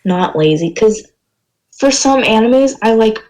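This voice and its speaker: A woman's voice: a little high, lively intonation, a little slow, a little mellow, poor audio. A woman co-hosting a podcast in casual chat, giggly and self-deprecating, speaking over a home microphone on an online call. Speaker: podcast co-host.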